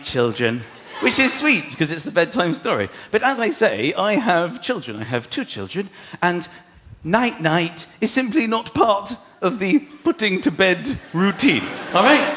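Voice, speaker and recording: A man in his thirties performing a stand-up comedy routine, acting out exasperated voices and shouting lines. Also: high-pitched, big pitch swings, a little slow, slight background noise. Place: large theatre stage before a live audience. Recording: roomy live theatre with crowd laughter.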